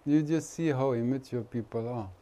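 A man's voice: mid-range voice, normal speed, warm tone. A man with an Indian accent, a spiritual teacher giving an informal, teasing talk to a gathering and laughing often. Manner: chatty, teasing, laughs often, nonnative grammar.

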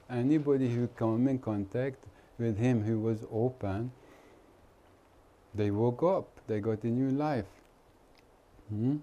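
Male spiritual teacher with an Indian accent, informal talk to a group, unhurried and warm-toned, playful and teasing. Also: medium pitch. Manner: chatty, teasing, laughs often, nonnative grammar.

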